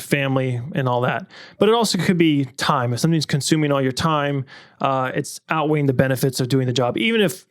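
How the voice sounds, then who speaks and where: A man's voice: medium pitch, no echo, clean studio sound. A young man hosting a podcast, chatting loosely with fillers and reading a listener's story aloud. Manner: loose and conversational, with many fillers. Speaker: podcast host.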